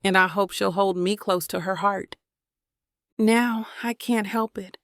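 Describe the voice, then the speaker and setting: A woman narrator voicing a tender, apologetic young husband in an audiobook, speaking softly and sincerely. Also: mid-range voice, fairly even intonation, measured pace, no echo, clean studio sound, lightly acted. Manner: soft, sincere, pleading. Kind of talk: audiobook character voice.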